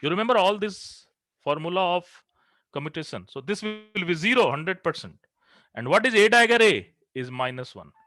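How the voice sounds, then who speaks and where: A man's voice: high voice, expressive, normal speed, bright, forceful tone, no echo, faint music behind. A man teaching physics in a classroom. He works through equations step by step and asks the class questions that he then answers himself. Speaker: physics lecturer. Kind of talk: classroom lecture.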